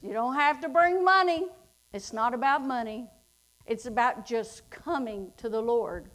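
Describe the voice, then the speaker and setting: A middle-aged woman preaching a sermon, reading scripture slowly and building to emphatic declarations. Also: fairly high pitch, fairly bright tone.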